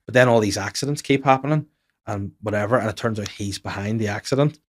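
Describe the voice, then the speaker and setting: Fast-talking man, low voice. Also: no echo, studio quality. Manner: rambling anecdotal storyteller, quick and animated. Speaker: podcast host and comedian. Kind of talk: casual chat.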